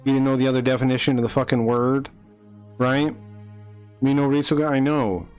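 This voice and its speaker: A man's voice: medium pitch, fairly even intonation, brisk, a little mellow, clear, resonant tone, faint music behind. A man streaming, ranting at his chat in a blunt, profane, mocking way and repeating himself when heated. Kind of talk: livestream chat rant.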